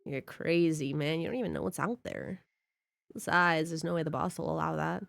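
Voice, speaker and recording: A woman's voice: low voice, moderate pace, creaky, fairly bright tone, dry recording, clean studio sound, heavily acted. A woman reading a grumbling young male thief sidekick from a video game, scolding and exasperated.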